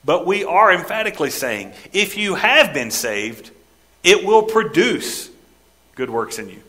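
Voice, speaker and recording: A male pastor preaching a sermon in church, emphatic and direct, swinging between loud stressed lines and quiet, lowered ones. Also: big pitch swings, unhurried, rough recording. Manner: emphatic preaching, rising and dropping sharply for stress.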